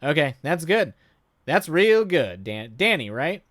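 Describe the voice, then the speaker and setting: A man voicing an easygoing, friendly male vampire who talks in a relaxed, reassuring way. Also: fairly high pitch, measured pace, no room sound, clean studio sound, voice pushed up.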